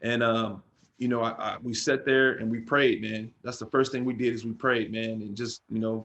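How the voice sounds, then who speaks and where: A man's voice: mid-range voice, level tone, normal speed, fairly bright tone, muffled recording. A middle-aged man, a former pro football player, tells stories in a loose, casual interview and keeps dropping "man" and "bro.".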